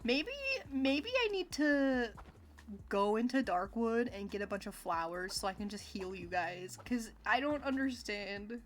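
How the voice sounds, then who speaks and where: Giggly, expressive woman streamer, lively pitch. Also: a little slow. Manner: giggly and expressive, laughs often, playful complaining. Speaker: livestreamer playing a video game. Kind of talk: casual gameplay chat with viewers. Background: faint game music.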